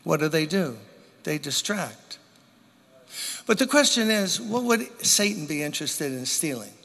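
A high, bright male voice preaching a sermon in a church. He leans on dramatic pauses and repeats key phrases for emphasis. A long reverb trails each line through the sanctuary. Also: sing-song. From New York.

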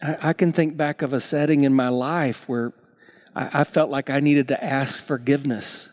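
A male pastor preaching a sermon, telling stories and acting out the characters with big swings in pitch and volume, often restarting his words. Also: fairly even intonation, normal speed, darkish tone. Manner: stammering restarts.

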